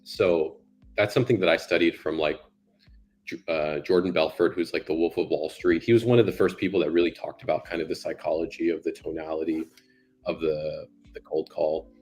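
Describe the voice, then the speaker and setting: A man's voice: a bass voice, fairly even intonation, fairly quick, a little mellow, soft background music. A man talking as an interview guest about sales, in loose, talky conversation with plenty of fillers. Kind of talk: casual conversation.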